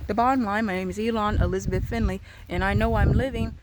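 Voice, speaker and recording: A woman vlogs at a quick pace in a steady, medium-pitched voice, rambling and repeating herself with plenty of profanity as her mind wanders. There's background noise in the recording.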